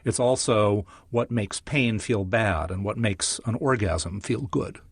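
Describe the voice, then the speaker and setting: A man as a science guest on an interview show, explaining in a measured, lecture-like way with vivid examples. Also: lowish voice, slightly rough, no echo, studio quality. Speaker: neuroscientist guest.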